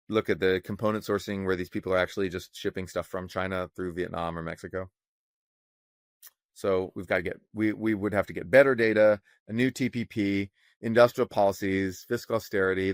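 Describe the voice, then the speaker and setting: A man co-hosting a casual podcast on economics, talking in an animated, sarcastic way and swearing freely. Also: low-pitched, no room sound, clean studio sound. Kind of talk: casual opinionated chat.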